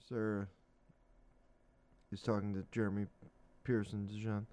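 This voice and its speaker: A man's voice: fairly low pitch, level tone, unhurried, pauses often, dark tone, smooth. A man reading the day's newspaper comics aloud on a radio reading service, describing each panel in an upbeat, chatty way. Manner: upbeat, explains the panels between quotes.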